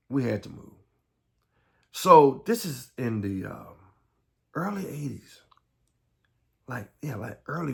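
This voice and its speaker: Middle-aged Southern man recounting his own past, unscripted, stumbling and restarting, voice mid-pitched. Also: creaky. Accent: Southern American. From Southern United States. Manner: halting, repeats words, frequent restarts. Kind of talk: personal life story monologue.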